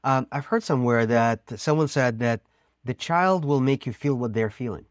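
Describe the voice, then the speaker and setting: A man's voice: medium pitch, moderate pace, no echo, studio quality. Hesitant male podcast co-host. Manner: hesitant, repeating words as he starts. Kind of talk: podcast interview.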